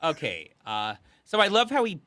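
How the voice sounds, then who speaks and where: A man's voice: fairly high pitch, huge pitch swings, a little fast, bright, forceful tone. A man riffing sarcastically on a movie in casual podcast commentary, laughing as he mocks the plot. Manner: sarcastic, laughing, mimics lines from the film. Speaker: podcast host reviewing a movie.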